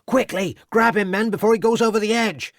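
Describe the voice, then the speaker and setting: A man voicing an urgent police constable in an audiobook, shouting his lines much higher than his normal voice. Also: fairly quick, no room sound, clean studio sound. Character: urgent, loud young male police constable. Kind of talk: audiobook character voice.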